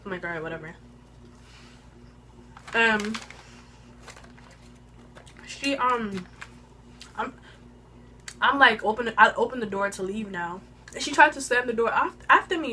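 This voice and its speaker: A woman of twenty-one telling a casual storytime on her own channel, animated and slang-heavy, eating while she talks into a phone camera. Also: fairly high pitch, normal speed, long pauses, slight background noise. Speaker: vlogger.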